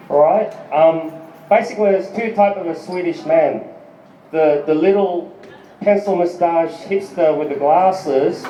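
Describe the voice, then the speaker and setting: High-voiced rambling man on stage. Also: mellow. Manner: rambling, profane, laughing through the story. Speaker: stand-up comedian. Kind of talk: stand-up comedy set. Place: live music club stage. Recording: echoey dull club recording.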